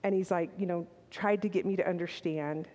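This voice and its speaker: A woman's voice: lowish voice, fairly even intonation, brisk, dark tone, highs cut off. An older woman giving a candid, conversational sermon, with personal asides and restarts. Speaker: speaker at a church service. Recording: long reverb in a large hall.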